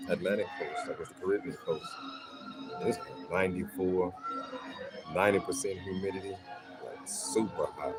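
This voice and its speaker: Laid-back deep-voiced man, music behind. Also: moderate pace, long pauses, rough recording. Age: middle-aged. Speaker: livestream host. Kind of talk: casual livestream chat. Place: at home in a hot city neighborhood.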